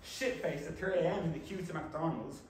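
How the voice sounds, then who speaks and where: A young man from the West of Ireland with an Irish accent, performing a comic stage monologue, animated and exclaiming as he jumps between inner voices. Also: a little high, normal speed. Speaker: actor. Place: theatre stage. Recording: echoey live stage recording from far off, noisy.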